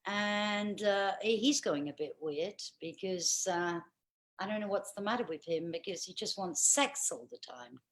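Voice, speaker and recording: A woman's voice: medium pitch, lively intonation, a little slow. An older British woman doing chatty stand-up comedy over a video call, telling dry, bawdy stories with punchlines. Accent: British English.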